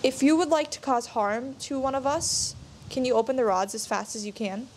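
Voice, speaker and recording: A woman running a paranormal investigation for a vlog, slowly questioning spirits and reacting with excitement. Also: sits high, a little hiss or hum. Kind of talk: ghost-hunting vlog. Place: in a tower at night.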